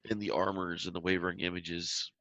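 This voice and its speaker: A man running a tabletop game, describing each scene in a loose, meandering way. His voice sits very low with a gravelly fry and a bright edge. The recording is dry and a little dull. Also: little pitch movement, a little fast. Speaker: game master.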